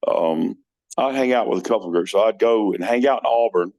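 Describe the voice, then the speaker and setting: A man chats as a guest on a podcast, telling personal stories in an earnest way and often restarting his sentences. His voice has a gravelly, fry-laden texture and sits fairly low. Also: a little fast, a little mellow. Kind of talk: casual chat.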